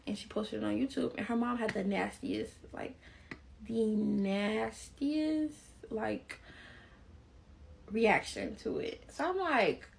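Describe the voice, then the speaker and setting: A young woman from Chicago telling a casual storytime on her phone camera while doing her makeup, chatty and animated, full of "like". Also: medium pitch, creaky, a little hiss or hum. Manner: animated, chatty, peppered with "like" and laughter. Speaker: vlogger.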